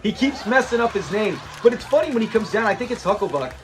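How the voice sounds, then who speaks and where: A man casually recapping a classic sitcom episode, animated and laughing often as he retells scenes. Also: high voice, quick pace, music in the background. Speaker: show reviewer.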